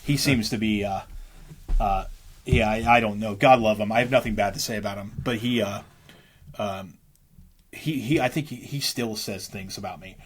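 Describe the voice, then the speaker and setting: A man's voice: fairly low pitch, normal speed. A man in his thirties, a musician as an interview guest, telling his story candidly with many restarts and fillers.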